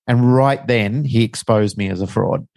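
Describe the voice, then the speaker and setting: A middle-aged man with a lowish voice tells a personal story frankly, rambling and poking fun at himself. The recording is dry and close, with no room sound. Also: moderate pace, creaky, a little mellow, dry recording. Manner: frank, rambling, self-deprecating, with restarts. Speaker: guest.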